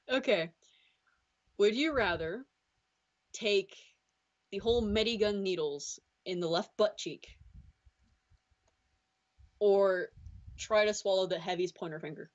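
A woman from Scotland in casual, giggly, teasing chat with a friend. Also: mid-range voice. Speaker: co-host and friend. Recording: slightly muffled audio.

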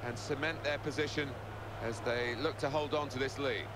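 A man's voice: mid-range voice, steady tone, normal speed, lightly acted. A man voicing the in-game commentator of a soccer video game, in broadcast commentary style. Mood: measured. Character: male TV football match commentator. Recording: game audio with stadium crowd.

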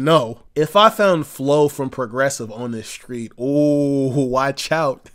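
A comedian ranting in an exasperated, profane, emphatic way. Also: male voice, medium pitch, takes it slowly, a bit bright. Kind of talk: comedic rant.

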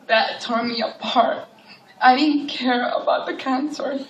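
A woman's voice: high voice, steady tone, measured pace, fairly bright tone. A woman telling a personal story to an audience at a charity event, emotional and acting out the voices of others. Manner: emotional, acts out quoted voices. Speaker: cancer survivor speaking at a charity event. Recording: echoey hall from far off, faint noise.

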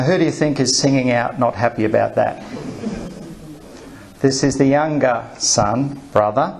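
A man's voice: medium pitch, darkish tone, a little hiss or hum, rough recording. A man preaching a conversational sermon, asking the congregation rhetorical questions with light humor.

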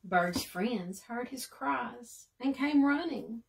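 A woman librarian reading a bedtime storybook aloud, gently and expressively, often sinking to a soft hush. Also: a little high, lively intonation, slow pace, vocal fry, slight background noise. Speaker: children's librarian.

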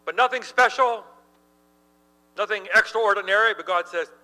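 A middle-aged male pastor preaching a sermon, telling stories in an animated way and laughing as he tells them. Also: high voice, normal speed, big-room sound, poor audio. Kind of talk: sermon with storytelling. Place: church.

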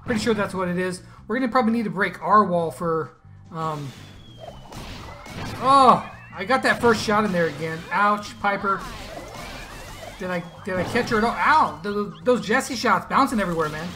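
A man giving casual, excitable commentary on his own mobile game matches, teasing opponents and laughing at big plays. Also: high voice, moderate pace, over music. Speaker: gaming YouTuber. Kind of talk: gameplay commentary.

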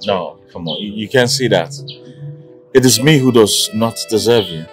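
A man's voice: lowish voice, moderate pace, faint music behind, close to an everyday voice. A man playing an earnest young suitor. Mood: tender. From Nigeria. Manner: soft, earnest, tender.

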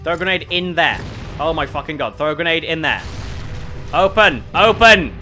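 Bright high-voiced man yelling. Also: expressive, moderate pace, faint music behind. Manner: exasperated, swears constantly, yells at enemies. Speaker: streamer. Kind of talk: gaming commentary.

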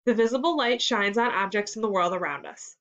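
A woman teacher reading a children's story aloud for a lesson in a clear, measured storytelling voice. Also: medium pitch, fairly bright tone. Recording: slightly dull lo-fi sound.

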